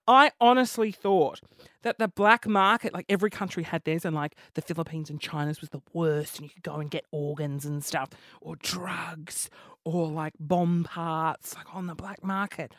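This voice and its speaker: A man's voice: on the high side, moderate pace, dry recording, clean studio sound. A man, hosting a comedic podcast monologue full of exasperated, swearing rants. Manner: animated, exasperated ranting with swearing and playful impressions. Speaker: podcast host.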